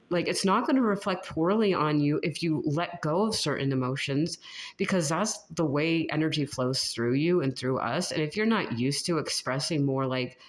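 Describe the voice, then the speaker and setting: A woman talking casually through a tarot reading for viewers, rambling, restarting her sentences and laughing often. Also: fairly low pitch. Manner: many fillers and restarts. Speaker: tarot reader.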